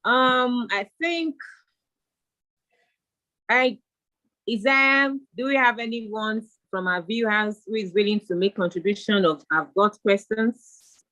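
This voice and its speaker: A woman hosting an online panel who speaks slowly and hesitates as she calls on the next guest. Her voice sits fairly high. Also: pushed and bright, lo-fi sound. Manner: slow, hesitant moderating. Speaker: host.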